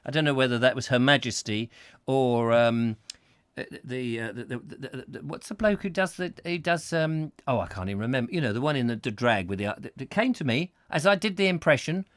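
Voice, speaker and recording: A man's voice: mid-range voice, expressive, brisk, no echo, clean studio sound. A man hosting a comedy chat show, rambling playfully through viewer comments and slipping into silly voices. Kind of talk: rambling comic live-stream chat.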